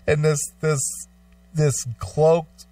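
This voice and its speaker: A man's voice: a little high, monotone, very slow, mellow, no echo, far from the mic, faint music behind. A man hosting a live radio show, rambling through a story with frequent laughter. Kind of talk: casual banter on live radio.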